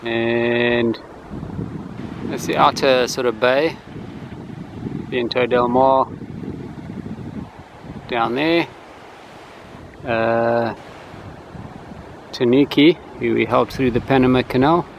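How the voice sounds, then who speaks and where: A man talks through his sailing trip in a loose, unhurried way, pausing often with ums and uhs. His voice sits at a medium pitch. Wind and outdoor noise run clearly under the handheld recording. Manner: relaxed, hesitant, many ums and uhs. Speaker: sailing vlogger. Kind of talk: casual travel vlog narration. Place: outdoors on an island.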